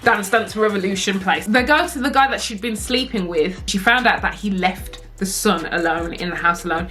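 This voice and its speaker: A young woman telling a story to camera, animated and slangy, swearing and acting out the characters. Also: mid-range voice, normal speed, soft background music. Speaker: vlogger. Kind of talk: story time chat.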